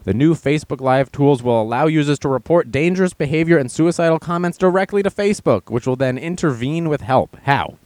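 Speaking briskly with hardly any pauses, this man's voice sits a little high, animated and slightly mellow, with no room sound. He hosts a casual news show, reading headlines and then mocking them through sarcastic riffs and put-on voices.

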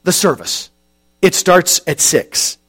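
A man's voice: high-pitched, lively intonation, slow, a bit bright, husky, exaggerated voice. A man voicing a blunt, folksy older church maintenance man with a Midwestern accent in an audiobook. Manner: folksy, blunt, hard of hearing. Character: spunky old male church maintenance man. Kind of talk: audiobook narration.

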